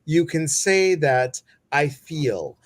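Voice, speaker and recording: A man's voice: a little high, expressive, drawn-out words. A man hosting a live stream, chatting casually, greeting viewers and reading their comments, with many fillers. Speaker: host.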